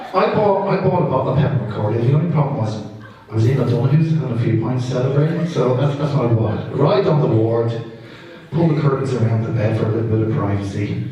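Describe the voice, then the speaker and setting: A man's voice: mid-range voice, muffled recording. A man, a father of the bride telling funny family stories in a wedding speech, laughing through his punchlines. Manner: warm storytelling with laughing asides. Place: wedding reception hall. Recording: echoey hall from far off with faint room noise.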